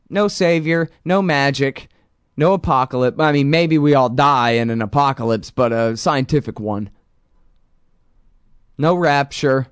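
A man's voice: smooth, dry recording. Sardonic rambling man, dry close sound. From Texas. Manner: sardonic, rambling, with sudden rises in pitch for emphasis. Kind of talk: casual spoken commentary.

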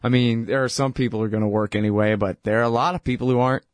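Brief: sardonic man, mid pitch, dry close sound, casual political rant. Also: fairly even intonation, very fast, no echo. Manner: irreverent, sardonic, laughs at his own points; filler-heavy, says dude and man.

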